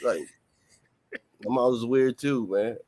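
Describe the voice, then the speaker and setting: A man's voice: medium pitch, slow, darkish tone, no room sound. A man co-hosting a comedy podcast, telling family stories with laughing exasperation. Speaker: podcast co-host. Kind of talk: casual comedy podcast chat.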